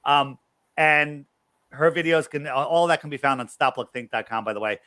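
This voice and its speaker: Bright, emphatic man telling a story. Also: fairly high pitch, clean tone. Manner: emphatic, quick asides, acts out quoted people. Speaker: guest researcher. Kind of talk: animated storytelling interview.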